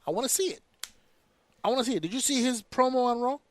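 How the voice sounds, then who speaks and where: A man hosting a casual podcast, ranting in an animated, profane way. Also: very high voice, quick pace, no echo. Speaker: podcast host.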